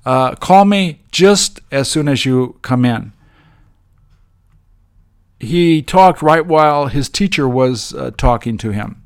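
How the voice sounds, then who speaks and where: A man teaching English grammar, walking through example sentences in a measured way with frequent ums. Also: mid-range voice, animated, clear, resonant tone.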